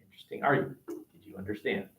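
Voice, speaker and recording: A man with an American accent leads a history class discussion over a webcam, rambling off on tangents and frequently restarting his sentences. He talks fast in a fairly low, fairly bright voice, with a little hiss or hum audible.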